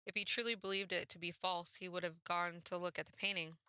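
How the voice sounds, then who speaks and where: A woman streamer reading a visual novel aloud with expressive narration, dropping in quick reactions of her own. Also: lowish voice, smooth, no room sound. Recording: dull, slightly muffled dry recording.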